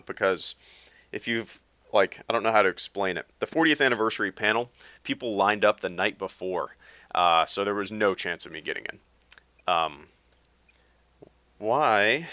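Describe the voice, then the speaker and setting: A man's voice: fairly low pitch, sharp tone, no echo. A man chatting casually with viewers on a live stream while he plays a game, rambling with lots of fillers and restarts. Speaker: YouTube streamer.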